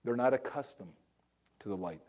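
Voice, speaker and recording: A man's voice: medium pitch, animated, moderate pace, a little mellow. A middle-aged male pastor preaching a sermon, telling stories with passion, often restarting and repeating words. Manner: impassioned storytelling with frequent restarts and repeated words.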